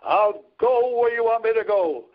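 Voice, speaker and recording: A man's voice: extremely high pitch, animated, normal speed, voice pushed up. A man imitating a famous older male evangelist, preaching in a rising cadence, on a dull lo-fi recording. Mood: fervent.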